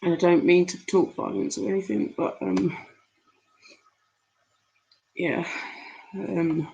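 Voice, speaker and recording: A grieving, tearful woman chatting with viewers on a live stream from home, halting with many pauses and fillers, on a laptop mic. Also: lowish voice, warm tone, highs cut off, a little hiss or hum.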